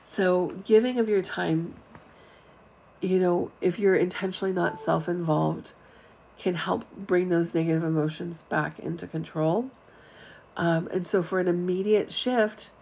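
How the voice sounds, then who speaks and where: A woman's voice: lowish voice, steady tone, moderate pace, gravelly, darkish tone, slight background noise, poor audio. A middle-aged woman giving a frank, chatty spiritual talk to online viewers, with casual asides. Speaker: spiritual teacher. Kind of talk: live-streamed spiritual talk.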